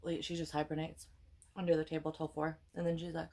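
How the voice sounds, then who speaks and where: A woman's voice: sits low, completely flat delivery, brisk, creaky, darkish tone. A young woman with a Wisconsin accent, chatting casually and rambling through tangents while she cooks, tired and pregnant, swearing now and then. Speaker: cooking vlogger. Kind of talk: casual chat while cooking.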